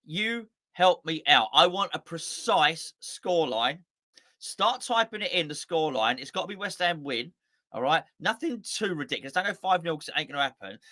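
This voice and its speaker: A man's voice: fairly high pitch, big pitch swings, normal speed, sharp tone. A man hosting a casual live-stream chat, rambling and often correcting himself. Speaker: host.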